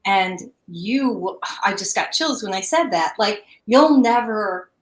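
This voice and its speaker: A woman's voice: medium pitch, animated, slow, roomy sound, rough recording. A woman guest in a casual interview on a video call, speaking in a heartfelt, reflective way.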